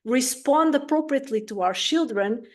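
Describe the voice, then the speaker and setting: A woman with a fairly high voice speaks as a parenting coach in an interview. She explains at length, now and then slipping into lively quoted voices of parents. Her delivery is animated and friendly in tone. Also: moderate pace.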